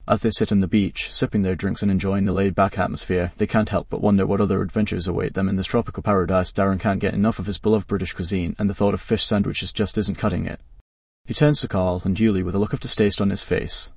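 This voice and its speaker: A man narrating a scripted story in a flat, even read. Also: low-pitched, fast, gravelly, breathy edge, no room sound, recorded from a distance.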